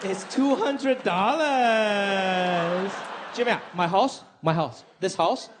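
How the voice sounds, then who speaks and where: A man's voice: high voice, slow pace. A man voicing an older Asian mother who is proud of her bargains and repeats her questions insistently, in a live stand-up set. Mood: boastful. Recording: live club set with crowd laughter and noise.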